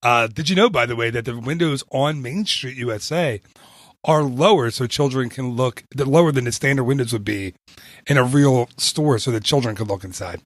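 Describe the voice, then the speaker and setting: A man co-hosting a podcast, chatting casually and telling a lively story with frequent restarts. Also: medium pitch, normal speed, no echo. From northern United States. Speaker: podcast co-host. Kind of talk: casual chat.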